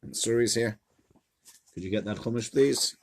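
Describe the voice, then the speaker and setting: A man, a rabbi, teaching a live-streamed Torah lesson to a small audience in a room, in an animated, chatty storytelling manner. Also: medium pitch, normal speed, a little hiss or hum. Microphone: camera mic.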